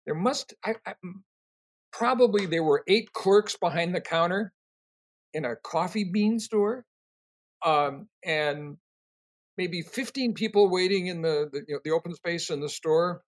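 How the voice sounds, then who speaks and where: An older man answering interview questions, telling rambling, animated stories full of fillers and restarts. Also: sits high, a little slow. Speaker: interview guest, company co-founder.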